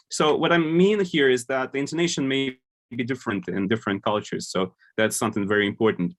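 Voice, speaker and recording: A man's voice: medium pitch, expressive, fairly quick, a bit bright. A man giving an online conference talk, explaining points with many fillers and restarts. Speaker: conference speaker.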